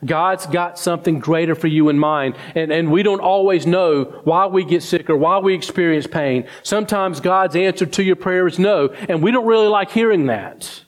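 Man, sermon, fairly high voice, swings between quick high complaining and slow low scripture reading. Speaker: preacher.

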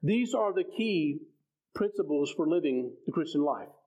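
A man's voice: a little high, animated, unhurried, a little mellow, highs cut off. A man preaching a sermon in a conversational way, often repeating words and restarting phrases as he explains scripture.

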